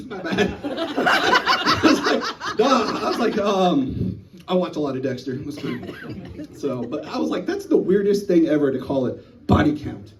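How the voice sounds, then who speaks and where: A man in his thirties performs stand-up comedy, telling stories in a lively voice that swings widely in pitch and slips into the voices of the people in them. His voice sits high for a man. The mic picks him up from a distance in a small room. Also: moderate pace, heavy background noise. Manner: animated storytelling, acting out voices. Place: small live venue.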